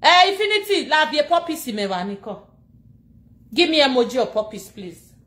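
Animated Nigerian Pidgin-speaking woman, echoey room. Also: sits high, normal speed. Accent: Nigerian Pidgin English. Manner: animated, laughing, scolding and mocking, switching languages. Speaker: social media personality. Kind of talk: animated casual rant to camera.

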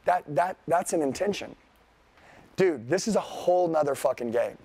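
A fired-up man preaches sales and mindset to a seminar audience, cursing freely and hammering his points home. His voice sits a little high with a gravelly edge. The sound is close and dry. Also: lively intonation, normal speed, darkish tone, no echo. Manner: profane, blunt, fired-up, addresses the crowd directly. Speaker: sales trainer. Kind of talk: motivational seminar talk. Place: seminar room with a live audience.

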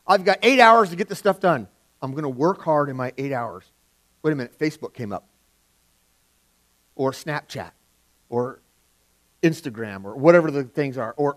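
A middle-aged male pastor preaching a sermon in a conversational way, swinging from loud emphasis to quiet asides. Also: mid-range voice, animated, moderate pace, pauses often. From California.

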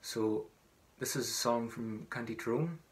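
A man teaching traditional songs, singing slow drawn-out phrases and then explaining them in quick, softer speech. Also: mid-range voice. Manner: soft, murmured asides. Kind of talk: singing lesson, call-and-response.

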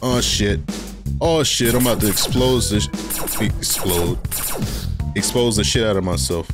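A young man hosting a casual horror game let's play, talking in loose slang and getting jumpy and excitable when startled. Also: on the low side, a little slow, music in the background. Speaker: gaming channel host.

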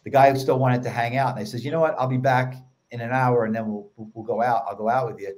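A man with a Philadelphia accent, a podcast guest telling stories in an energetic, casual way. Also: medium pitch. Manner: energetic storyteller, quick run-on sentences. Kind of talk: casual chat.

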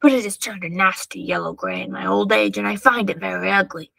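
A woman voicing a weepy, vain old male rhinoceros with a deep, angry voice in a read-aloud storybook. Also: brisk, creaky, bright, forceful tone, no echo, full character voice. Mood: mournful. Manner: mournful, threatening.

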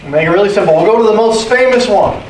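A man's voice: sits high, expressive, fast talker, slight background noise. A man preaching a sermon as pastor, emphatic, repeating key phrases and calling for amens. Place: church sanctuary. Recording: echoey room, distant mic, faint ambience.

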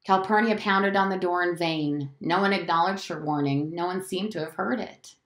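A woman teacher reading a novel aloud to her class, in an expressive storytelling manner. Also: lowish voice, normal speed, roomy sound.

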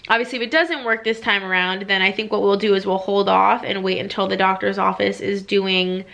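A woman's voice: medium pitch, fairly even intonation, brisk, gravelly, a bit bright. A young woman vlogging casually at home, chatty and full of "like" fillers. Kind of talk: casual personal vlog.

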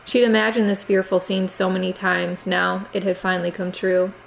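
A woman narrating an audiobook chapter in a steady, measured reading. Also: mid-range voice, creaky, slight background noise, low-quality recording.

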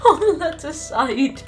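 A young woman streaming live, chatting casually with her viewers, giggling and exclaiming a lot. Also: high-pitched. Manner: giggly, bursts into laughter often; excitable, frequent exclamations. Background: faint background music.

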